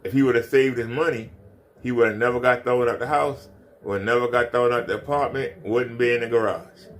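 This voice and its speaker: A man's voice: mid-range voice, steady tone, fairly quick, a little hiss or hum. Man ranting in a mocking, repetitive way. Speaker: commentary streamer. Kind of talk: ranting commentary.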